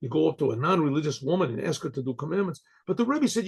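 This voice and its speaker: A man, a rabbi, telling a story in a loose, conversational way. He clears his throat often and restarts his sentences. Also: fairly high pitch, very animated, quick pace.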